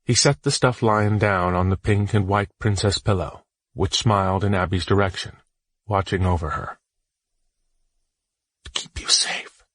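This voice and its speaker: Brief: male narrator, low husky voice, measured and solemn, dry close mic. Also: fairly even intonation, no room sound. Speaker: audiobook narrator. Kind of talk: scripted audiobook narration.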